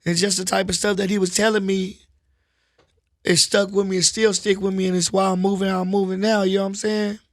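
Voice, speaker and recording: A man talking casually in an interview, relaxed and slangy, often saying "you know what I'm saying.". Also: sits high, a little fast, dry recording, clean studio sound. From Los Angeles, US. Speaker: rapper guest. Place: studio.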